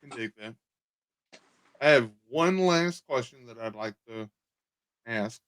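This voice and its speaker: A man hosting a podcast, asking a guest short questions in relaxed casual chat. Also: mid-range voice, takes it slowly, clear, resonant tone, low-quality recording. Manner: laid-back, asks short questions. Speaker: podcast host.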